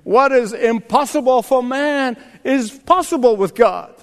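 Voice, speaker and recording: A man's voice: very high voice, measured pace. An older man preaching a sermon as pastor, emphatic and drawing responses from the congregation. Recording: long reverb of a large hall.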